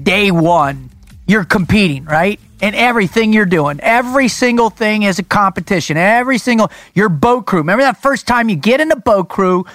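A man hosting a podcast, telling stories in a casual, excitable way. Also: high voice, no room sound. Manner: excitable, animated storyteller. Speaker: podcast host. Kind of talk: casual chat and storytelling.

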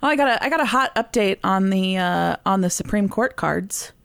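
A woman's voice: medium pitch, animated, moderate pace, creaky, fairly bright tone, clean tone. A woman co-hosting a podcast in casual chat, giggly and playful. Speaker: podcast co-host.

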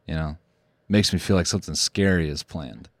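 A man's voice: a bass voice, normal speed, dry recording, studio quality. A man hosting a comedic podcast, rambling sarcastically and laughing often between jokes. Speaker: podcast host. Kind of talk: casual comedic podcast chat.

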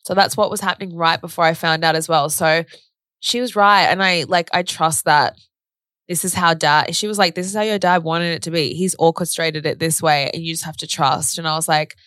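A woman's voice: deep voice, steady tone, brisk, fairly bright tone, no room sound, clean studio sound. A young woman, co-hosting a podcast and talking candidly and emotionally, full of "like" and the odd swear word. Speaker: podcast co-host. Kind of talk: casual chat.

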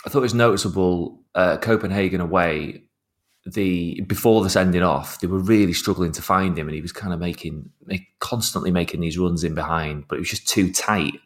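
A man with a very low voice talks through football tactics. He rambles and restarts often, filling gaps with ums. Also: brisk. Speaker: podcast guest, football journalist. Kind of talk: casual football chat.

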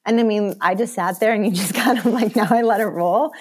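A woman in her thirties, a podcast guest, chatting casually and acting out her own thoughts in animated asides. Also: mid-range voice, brisk. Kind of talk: casual interview chat.

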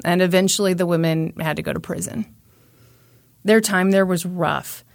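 A woman's voice: lowish voice, steady tone, normal speed, vocal fry, no room sound, studio quality. Woman recounting a case conversationally. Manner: conversational, wry asides. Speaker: podcast host. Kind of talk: true crime storytelling.

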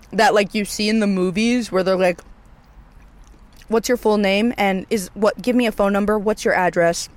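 A young woman vlogger telling a story in casual chat, animated and slangy, swearing freely and acting out the people she quotes. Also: mid-range voice.

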